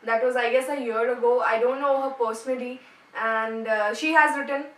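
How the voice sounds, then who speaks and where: Young indian woman, high bright voice, playful vlog chatter, echoey room, distant camera mic. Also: fairly even intonation, moderate pace. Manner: chatty and playful, mixing in Hindi words. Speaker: YouTuber announcing a giveaway winner. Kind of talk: casual vlog talk to camera.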